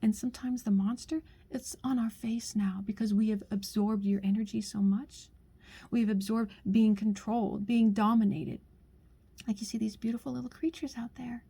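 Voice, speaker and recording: Middle-aged woman, husky and mellow, earnest pleading monologue, drifts into half-whispers. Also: a little high, fairly even intonation, normal speed. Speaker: speaker sharing a personal message. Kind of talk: heartfelt spoken monologue.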